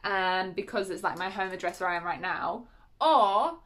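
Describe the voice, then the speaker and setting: A woman's voice: medium pitch, moderate pace, fairly bright tone. A woman chatting casually as she unboxes books at home, correcting herself often and giggling. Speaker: book vlogger.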